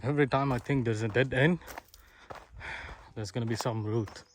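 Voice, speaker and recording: Young man, mid-pitched, casual hiking vlogger, chatty and winded, noisy outdoor phone audio. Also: normal speed. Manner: excited, chatty, addresses viewers as guys. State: out of breath. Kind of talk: casual trekking vlog. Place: outdoors on a hilltop fort. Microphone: handheld phone.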